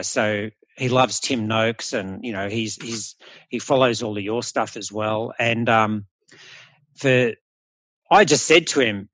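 A man's voice: mid-range voice, fairly bright tone, no room sound. A middle-aged Australian man, a health coach, talking bluntly and animatedly in a casual podcast conversation, swearing freely.

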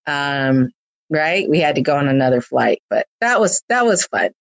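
A woman with a low voice leads a loose, chatty conversation, wandering through her thoughts with plenty of fillers and restarts. She sounds playful and easygoing, recorded close and dry with no room sound. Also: very animated, normal speed, creaky, dry recording, dull audio. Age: older than the young dancers. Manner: rambling, warm, many fillers and restarts, playful. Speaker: host and dance team leader. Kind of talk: casual conversation.

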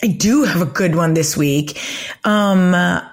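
A woman, a regular guest on a podcast, telling a news story in casual chat, indignant and animated with many restarts. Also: fairly low pitch, measured pace.

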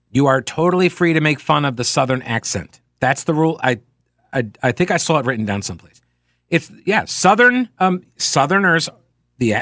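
A man hosting a talk radio show, reading listener emails aloud with sarcastic, deadpan asides. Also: medium pitch, no echo, clean studio sound.

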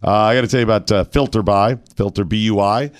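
A hoarse man hosting a morning radio talk show, telling animated stories and acting out what other people said. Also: fairly low pitch, fast, dry recording, studio quality. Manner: animated storyteller, acts out other people's lines.

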